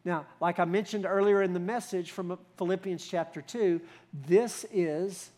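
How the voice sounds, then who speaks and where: A man's voice: high-pitched, unhurried, a little mellow. A man preaching a sermon as pastor, talking in a conversational way with rhetorical questions and emphatic builds.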